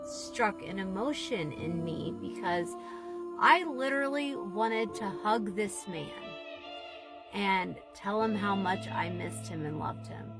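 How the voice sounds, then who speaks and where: A woman's voice: medium pitch, takes it slowly, music in the background. A woman casually telling an emotional, rambling story to her viewers, often saying "you guys". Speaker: TikTok storyteller. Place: Southwest Florida.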